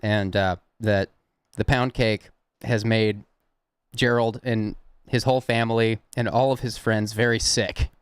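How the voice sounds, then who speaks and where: A young man from the Southern US, with a Southern accent, hosts a prank-call livestream and chats casually with viewers, rambling and chuckling. His voice is on the low side, level, and clean, a little slow, with no room sound.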